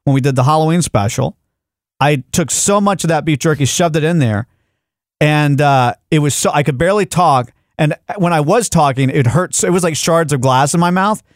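A man's voice: fairly high pitch, moderate pace, no room sound, clean studio sound. A man hosting a comedy podcast, telling a rambling story in casual chat with many restarts. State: groggy, a little delirious.

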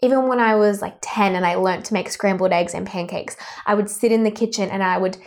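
A woman's voice: medium pitch, fairly even intonation, a little fast. A young woman with an Australian accent, a podcast guest in casual chat, bubbly and laughing often. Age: young adult.

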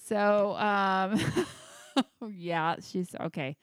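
A woman's voice: medium pitch, extremely slow, clean tone, no echo, clean studio sound. A woman hosting a podcast, tipsy with hiccups, giggling and swearing as she reads out creepy legends. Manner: giggly, swearing, stumbling over names. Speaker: podcast host. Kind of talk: casual chat, reading a list of creepy legends.

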